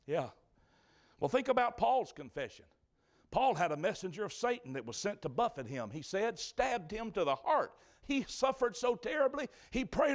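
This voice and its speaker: High-voiced preacher, dramatic and swinging. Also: male voice, animated, normal speed. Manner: dramatic storytelling preacher, swinging between loud and hushed. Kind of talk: sermon. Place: church.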